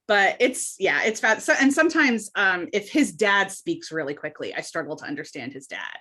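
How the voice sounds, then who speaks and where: A woman, a podcast guest talking in an animated, chatty way in a casual interview. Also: mid-range voice. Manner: animated, chatty, quick asides and laughs.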